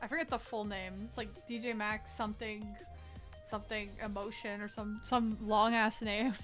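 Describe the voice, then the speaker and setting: A woman's voice: mid-range voice, flat delivery, moderate pace, a bit bright, soft background music. A young woman chatting casually at home while she draws on stream, rambling, laughing often and swearing freely. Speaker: art streamer. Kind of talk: casual chat while drawing.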